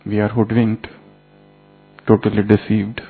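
A man in a sermon tells a fable slowly, in short phrases. His voice is gravelly, heard through a thin, phone-like line with faint music underneath. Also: fairly low pitch, monotone. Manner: slow storytelling in short phrases. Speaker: spiritual teacher.

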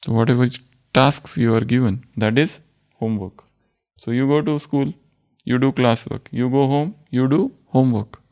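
A man's voice: mid-range voice, moderate pace, a little mellow. A man, teaching a spiritual class, quizzing listeners and telling parables. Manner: asks the class questions, tells parables, teacherly.

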